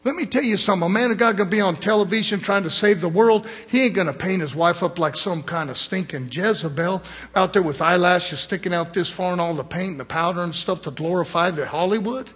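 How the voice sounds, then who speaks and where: A man's voice: high voice, a little fast, few pauses, fairly bright tone, slightly rough. A middle-aged male preacher giving a fiery sermon in a blunt, folksy manner, calling for amens from the congregation. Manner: folksy, blunt, call-and-response.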